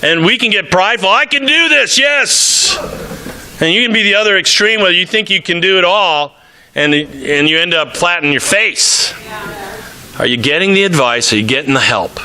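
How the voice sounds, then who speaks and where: High, bright-voiced male preacher. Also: fairly quick. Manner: animated preaching, reads scripture aloud and acts out quotes. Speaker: pastor. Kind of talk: sermon.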